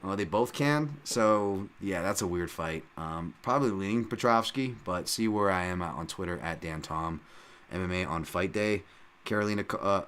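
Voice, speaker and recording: A man with a fairly low voice hosts a podcast and talks through fight bets in a loose, off-the-cuff way. He rambles, restarts his sentences, leans on fillers and swears casually. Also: normal speed, fairly bright tone, clear, resonant tone. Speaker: podcast host. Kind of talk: casual fight-betting breakdown.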